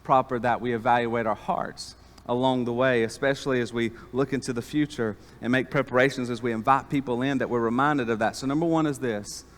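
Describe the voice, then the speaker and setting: A man preaching an animated sermon as pastor, calling on the congregation to respond. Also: medium pitch, fairly quick. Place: church sanctuary. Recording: long church reverb.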